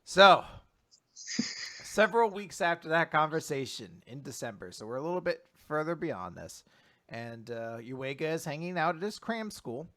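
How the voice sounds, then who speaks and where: A man hosting a podcast, retelling a manga chapter in an animated, casual way. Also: fairly high pitch, moderate pace. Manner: animated retelling, acts out quotes, laughs a lot. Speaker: podcast host. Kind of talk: casual manga recap chat.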